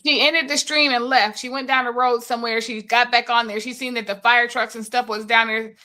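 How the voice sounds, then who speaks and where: A woman's voice: a little high, steady tone, brisk, sharp tone. A woman co-hosting a casual podcast chat, animatedly retelling a story and acting out the voices in it. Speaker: podcast co-host.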